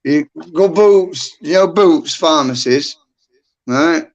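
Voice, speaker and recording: A man's voice: high voice, sing-song, slow pace, vocal fry. A middle-aged man, rambling bluntly and swearing a lot as a guest in casual livestream chat. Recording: dull lo-fi stream audio.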